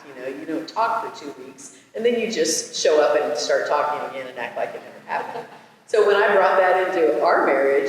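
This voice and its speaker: A man's voice: fairly high pitch, a little hiss or hum. Earnest man in an echoey room. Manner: earnest, halting, reflective. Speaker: married discussion participant. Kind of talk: casual Bible discussion. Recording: echoey room, distant mic.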